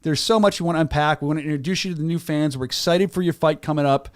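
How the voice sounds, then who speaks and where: A man with a Philadelphia-area accent hosting a casual chat, enthusiastic and full of quick restarts. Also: fairly high pitch. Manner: enthusiastic, rapid, stumbling restarts. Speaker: host.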